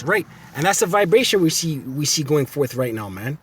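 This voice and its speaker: Against a noisy background, a man teaching at a religious camp preaches scripture emphatically and repetitively, frequently asking "right?" between phrases. His slightly high voice has a sing-song quality, moving at normal speed with few pauses.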